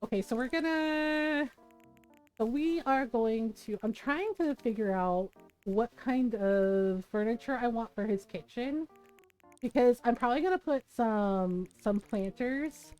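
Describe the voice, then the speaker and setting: A woman's voice: on the high side, mellow, poor audio. A woman streamer telling a family story in casual chat while she plays a game. She laughs often and keeps saying "like" and "right?". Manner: chatty, laughs often, says "like" and "right?" a lot. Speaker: livestream host.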